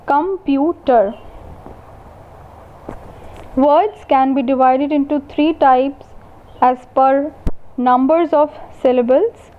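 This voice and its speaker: A woman university lecturer giving a recorded lecture, slowly and deliberately defining terms one by one. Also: sits high. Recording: tinny phone-like sound.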